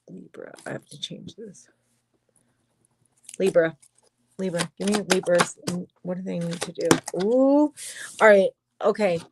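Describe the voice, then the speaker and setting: A woman's voice: on the high side, background noise. A young woman giving a livestream tarot reading, talking straight to her viewers in an emphatic way and swearing freely. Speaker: tarot reader.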